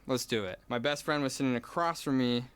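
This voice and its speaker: A man's voice: medium pitch, fairly quick. A young man telling a rambling personal story, packed with filler words. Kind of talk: storytelling trip report.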